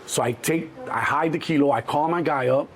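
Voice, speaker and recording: A middle-aged man, telling stories as an interview guest in a lively, profane way and acting out other people's voices. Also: a little fast, slight background noise. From Chicago. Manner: animated, acts out other people's voices in a higher pitch, profane. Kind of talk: storytelling in an interview.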